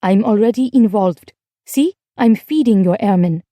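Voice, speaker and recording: An earnest teenage French girl, as the audiobook narrator gives her a voice, pleading and eager. The tone is mellow and warm, recorded close and dry with no room sound. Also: normal speed, dry recording, natural voice. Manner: pleading, eager, slightly higher and lighter than the narration. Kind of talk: audiobook character voice.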